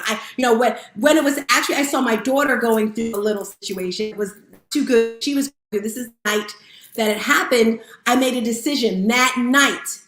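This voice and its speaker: A woman's voice: on the high side, normal speed, fairly bright tone. Candid, emotional woman speaking on a stream. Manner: candid, emotional, casual, addresses viewers as guys. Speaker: motivational speaker and fitness instructor. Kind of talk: live-streamed motivational talk. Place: room at home with lights set up. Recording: roomy echo.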